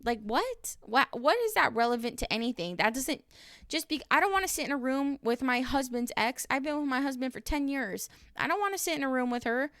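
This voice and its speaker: A woman's voice: high voice, animated, a little fast, fairly bright tone, no echo, clean studio sound. A woman in her thirties recapping a reality show in a casual vlog, blunt and exasperated, swearing freely. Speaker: reaction vlogger. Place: dim room at home.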